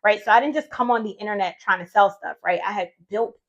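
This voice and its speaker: A woman's voice: mid-range voice, fast, a bit bright, muffled recording. A woman in her thirties, a vlogger and retreat host, telling her own story in a chatty, heartfelt way and sometimes voicing her own past thoughts. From United States. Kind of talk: casual personal storytelling vlog.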